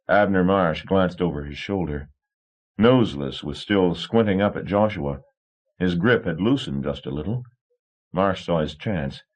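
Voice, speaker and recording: A man reading an audiobook in a dramatic, steady storytelling manner. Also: sits low. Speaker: audiobook narrator. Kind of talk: scripted audiobook narration. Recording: dull 1980s cassette tape.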